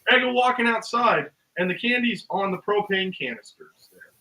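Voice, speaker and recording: A guest musician with a high, lively voice tells a long, rambling story in casual chat, full of ums and uhs, acting out the people in it and laughing through the quotes. He talks at a normal speed with a pushed, bright tone, recorded roughly from a distant mic.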